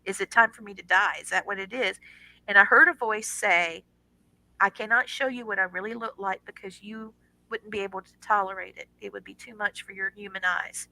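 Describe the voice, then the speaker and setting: A middle-aged woman, a guest on a radio show, telling a personal story in a casual, animated way and acting out the voices in it. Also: medium pitch, brisk, low-quality recording.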